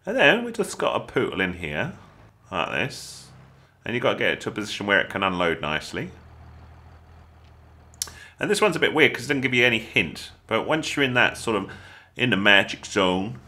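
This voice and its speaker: Bright, lively English gaming tutor. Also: male voice, lowish voice, moderate pace. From England. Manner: chatty, excitable, jokey asides. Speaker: gaming YouTuber. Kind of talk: casual gameplay tutorial voice-over.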